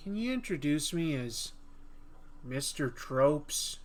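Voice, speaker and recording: A man's voice: on the high side, big pitch swings, takes it slowly. A man doing a wheedling comic-book villain.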